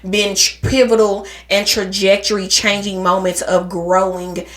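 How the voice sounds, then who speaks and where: A woman's voice: mid-range voice, measured pace. A woman co-hosting a faith podcast, telling a personal story in casual chat. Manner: animated storyteller, acts out voices in her stories. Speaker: podcast co-host.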